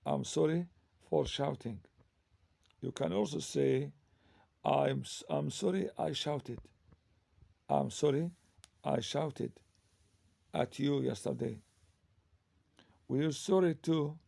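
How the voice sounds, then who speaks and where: Slow, gravelly man teaching English grammar. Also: mid-range voice, dark tone, dry recording. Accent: Arabic. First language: Arabic. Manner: slow, hesitant, with many fillers and self-corrections. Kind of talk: grammar lesson.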